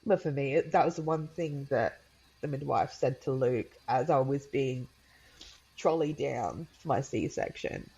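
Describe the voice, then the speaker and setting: Low, gravelly-voiced woman telling her story. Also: a little slow, mellow, muffled recording. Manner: chatty, many fillers and laughs, acts out her daughter's lines in a high voice. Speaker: podcast guest. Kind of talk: emotional personal storytelling.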